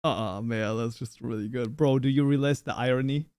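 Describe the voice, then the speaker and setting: A man's voice: mid-range voice, moderate pace, darkish tone, smooth, no echo, clean studio sound. A man whose first language is German, hosting a livestream, chatting casually with viewers while rambling, laughing often, and restarting his sentences. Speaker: livestream host. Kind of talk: casual live chat with viewers.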